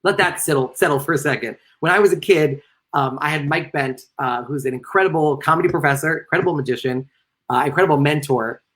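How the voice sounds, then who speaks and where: A man delivering a lecture over a live stream, mixing advice with quick self-aware jokes. He reads audience comments aloud and answers them on the spot. His voice leaps upward in pitch whenever he lands a playful aside. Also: a bit bright. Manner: joking asides, sudden playful jumps in pitch. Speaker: lecturer and comedian.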